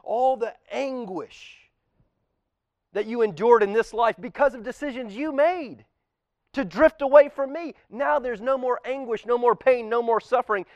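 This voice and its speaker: A male pastor delivers a sermon in a fairly high voice. He is impassioned, rising to loud emphasis and sinking to hushed, near-whispered lines. The sound is close and dry. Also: normal speed, no echo, dull audio. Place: church auditorium.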